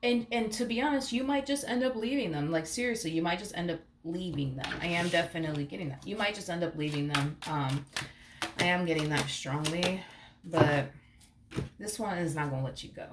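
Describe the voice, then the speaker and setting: A woman's voice: on the low side, fairly quick, reverberant, noisy background. A woman giving a casual, rambling tarot reading, emphatic and searching for words, swearing now and then. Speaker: tarot reader.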